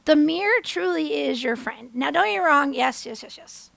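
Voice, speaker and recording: A woman hosting a motivational talk, telling a story in a lively, conversational way and often asking listeners "right?". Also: high-pitched, moderate pace, gravelly, no room sound. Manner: animated, acts out her own and others' words in bigger voices. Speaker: host. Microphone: camera.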